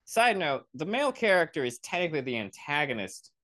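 A man hosts a comedic review podcast. He rambles, sighs and swears, and his voice swings widely in pitch as he mocks the film. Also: very animated, fairly quick, bright, forceful tone. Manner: exasperated, rambling, sarcastic, swears often. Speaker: podcast host. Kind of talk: comedic movie review rant.

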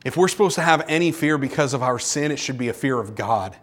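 A male pastor with a medium-pitched, animated voice preaches at a quick pace, pressing his listeners with repeated rhetorical questions and swinging between urgent and hushed delivery.

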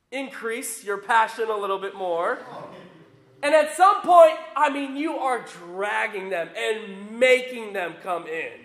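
A pastor, a man with young children, giving an emphatic, animated sermon mixed with a personal story. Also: high-pitched. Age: adult with young children. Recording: roomy echo.

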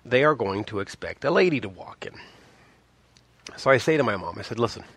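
A man's voice: expressive, fairly quick, fairly bright tone, breathy edge, no echo. A man in his fifties from Montreal, casually telling a personal story in a rambling way, restarting often and acting out the people he quotes. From Montreal, Canada. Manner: rambling, with many restarts and asides; acts out quoted people with big pitch jumps.

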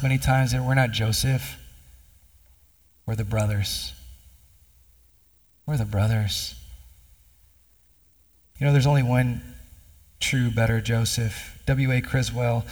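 A man preaching a sermon as pastor, earnest and building to emphatic appeals to his congregation. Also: medium pitch. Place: church hall. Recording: long hall reverb.

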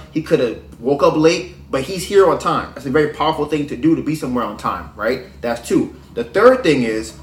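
A man hosting a podcast, giving casual, slangy dating advice in a preachy tone that sometimes drops to a low murmur. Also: a bit bright. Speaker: podcast host. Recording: roomy echo.

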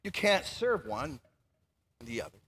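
A man preaching a sermon as pastor, animated and emphatic, swinging between loud outbursts and hushed asides. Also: on the high side, measured pace, slightly rough, long reverb tail.

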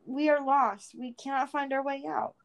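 A tired young hobbit who tries to hold his small group together, spoken earnestly and firmly, as a woman reads him aloud. His voice sits slightly high. He speaks in short, plain sentences. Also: fairly even intonation, normal speed, creaky. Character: young male hobbit, weary and determined leader. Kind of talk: storybook reading with character voices.

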